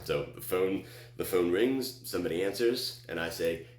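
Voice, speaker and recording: Man from Texas, very low voice, rambling storyteller, echoey room, faint hum. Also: expressive, moderate pace. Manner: rambling, with many restarts and acted quotes. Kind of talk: personal story told on stage.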